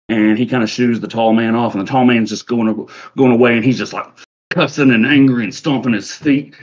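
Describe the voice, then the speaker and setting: A man's voice: medium pitch, steady tone, a little fast, darkish tone, lo-fi sound. A man narrating as a tabletop game master, rambling with many fillers.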